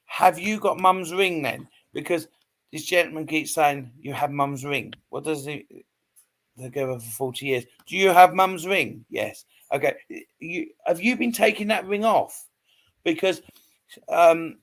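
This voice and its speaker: Brief: male medium, slightly high voice, hesitant, repeats himself, keeps checking in. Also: a bit bright. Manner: hesitant, repetitive, reassuring, frequent "okay?" checks. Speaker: psychic medium. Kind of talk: live online reading.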